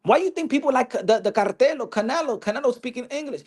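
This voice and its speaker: A man's voice: extremely high pitch, lively intonation, fast talker, hardly any pauses, breathy edge. A man talks boxing in a loose, rambling way, often restarting his sentences. He mixes in Spanish slang as he goes. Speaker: boxing commentator. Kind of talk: casual opinion vlog.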